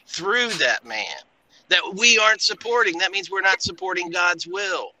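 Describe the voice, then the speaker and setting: A man's voice: high-pitched, animated, a little slow, sharp tone, poor audio. A man making an argument in an emphatic way with folksy grammar. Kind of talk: casual chat.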